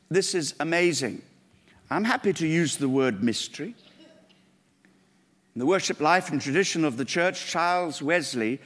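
A man's voice: fairly high pitch, fairly bright tone. A man preaching a sermon in a church, earnest and building to emphatic peaks. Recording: long hall reverb.

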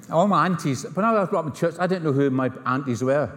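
In a large hall that leaves a long reverberant tail on his words, a middle-aged pastor from Scotland preaches a sermon in a slightly raised pitch with a Scottish accent. He's animated and fast with few pauses, telling stories full of wry humorous asides and voicing the people in them.

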